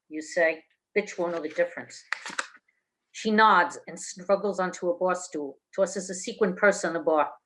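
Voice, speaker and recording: A woman's voice: fairly low pitch, moderate pace. A woman from New Jersey reading her own noir fiction aloud in a blunt, streetwise way over a video call. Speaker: author reading her work.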